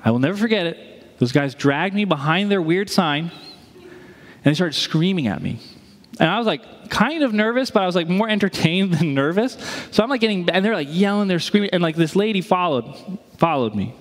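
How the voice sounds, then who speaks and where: A male pastor with a high-pitched voice preaches a sermon full of stories, telling them animatedly and acting out the voices of the people he quotes. He speaks at a moderate pace with lively intonation, and the recording carries long hall reverb.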